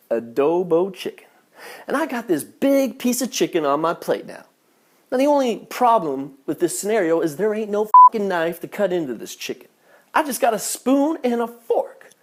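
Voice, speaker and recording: A man telling a comic travel story in a vlog, swearing often and sounding exasperated at his own punchlines. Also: sits high. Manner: profane, exasperated, animated punchlines. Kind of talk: comedic storytelling.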